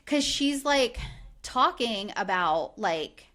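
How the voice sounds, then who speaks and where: A woman co-hosts a podcast with a slightly high voice, taking her time. The recap is loose and chatty, peppered with "like," and she acts out the lines she quotes with animation.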